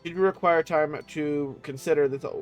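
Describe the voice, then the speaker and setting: A young male game streamer chatting casually, swearing freely, and joking as he reads the on-screen text. His voice sits a bit high, with faint game music underneath. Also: fairly quick. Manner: profane, joking, often laughing, reads game text aloud. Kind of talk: casual gaming livestream commentary.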